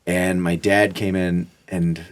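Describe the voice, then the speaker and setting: A man's voice: low-pitched, slow pace. A man, a podcast guest, casually telling anecdotes in a laid-back way and acting out the people in them. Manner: laid-back anecdotal, animated when quoting others. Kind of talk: casual chat, storytelling.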